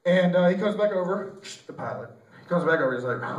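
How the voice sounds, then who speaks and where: A man's voice: sits high, lively intonation, a little fast. A young man doing an amateur stand-up set in a small club, rambling and correcting himself, with lots of fillers, taped from far off while the audience laughs. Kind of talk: stand-up routine at an open mic. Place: small comedy club or bar. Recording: echoey room taped from far off on a camcorder.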